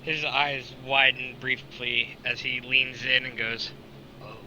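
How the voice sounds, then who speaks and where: Bright-voiced male game master. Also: medium pitch, slow pace, a little hiss or hum, poor audio. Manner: relaxed, swears, laughs often. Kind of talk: casual narration of a tabletop game.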